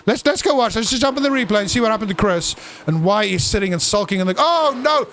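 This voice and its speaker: A man's voice: sits high, expressive, quick pace, a bit bright, slight background noise. A man giving live, unscripted commentary on a sim race in a playful, teasing way, exclaiming at crashes.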